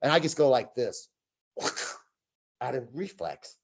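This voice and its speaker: This is a man in his sixties, a guest in a relaxed conversation, telling first-hand stories. He is lively and acts out the voices and noises himself. His voice sits at an ordinary middle pitch for a man. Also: slow, a little hiss or hum. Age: 60s. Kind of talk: storytelling in a casual chat.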